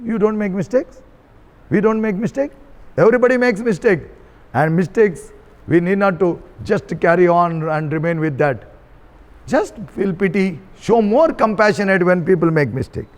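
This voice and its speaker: A Catholic priest preaches a sermon in a high male voice. He is earnest and repeats his key phrases for emphasis. His words ring out with a long reverb in a large hall. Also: lively intonation, moderate pace.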